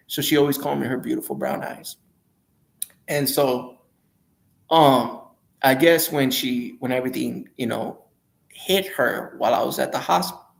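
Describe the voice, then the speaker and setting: A man's voice: mid-range voice, gravelly. A man casually telling his own life story in a rambling, hesitant way, often repeating and correcting himself.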